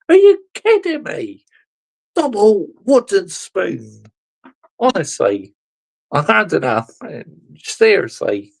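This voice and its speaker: A man's voice: mid-range voice, creaky, fairly bright tone, slightly rough. A man ranting as a football fan vlogger, exasperated and sarcastic, swearing and repeatedly addressing his viewers.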